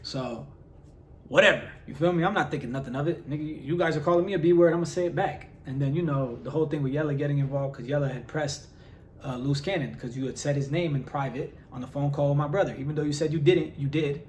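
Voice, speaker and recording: Speaking straight to his followers, a man rants on a vlog, exasperated, firing off rhetorical questions and saying "like" a lot. His voice is on the high side and fast, with a little hiss or hum.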